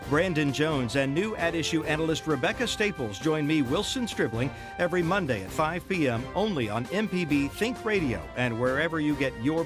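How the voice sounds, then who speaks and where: A man reading a scripted radio promo in a smooth, measured announcer style. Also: fairly high pitch. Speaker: radio show host in promo. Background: music bed.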